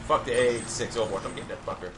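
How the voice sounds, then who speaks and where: A man giving profane gameplay commentary, loudly raging and shouting at other players. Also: medium pitch, very fast. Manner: shouts in bursts of frustration. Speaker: gamer.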